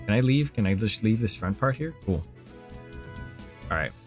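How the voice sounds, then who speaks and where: Male streamer, casual sarcastic game commentary, animated delivery, quiet game music underneath. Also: fairly low pitch, normal speed. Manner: joking and sarcastic.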